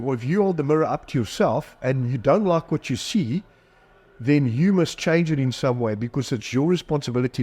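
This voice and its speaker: A middle-aged man, a psychologist and author, on a podcast. He tells personal stories in a frank, self-deprecating way and slips into quoted dialogue. His voice sits at an ordinary middle pitch. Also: a little mellow, husky. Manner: candid, self-deprecating storyteller who acts out quoted dialogue. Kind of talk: podcast interview.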